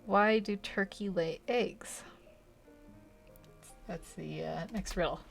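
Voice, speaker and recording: A woman's voice: medium pitch, slow pace, gravelly, soft background music. A woman chatting casually while she draws, giggly and rambling, tired from a long day without sleep. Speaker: art channel host. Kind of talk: casual drawing commentary.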